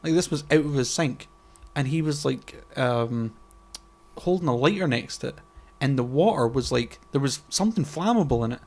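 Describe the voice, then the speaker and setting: A man co-hosting a casual podcast chat, rambling, swearing and groping for words, often trailing off quietly. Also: medium pitch, lively intonation, normal speed. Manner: trails off quietly mid-sentence. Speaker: podcast co-host.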